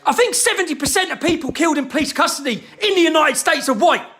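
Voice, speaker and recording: A man's voice: very high-pitched, expressive, quick pace. A man delivering a furious, swearing monologue straight to camera. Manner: furious, shouting, heavy swearing.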